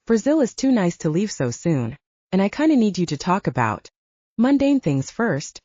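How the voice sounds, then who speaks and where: A woman's voice: medium pitch, sing-song, normal speed, dark tone, no echo, lo-fi sound. A woman narrator voicing a distraught young heroine, strained and self-deprecating, in an audiobook. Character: distraught young woman, ashamed but wry.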